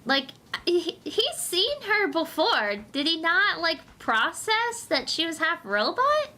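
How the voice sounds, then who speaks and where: A woman's voice: extremely high pitch, very animated, slow, pushed and bright. A woman streamer reading comics aloud on a casual livestream, tossing in joking asides and giggles.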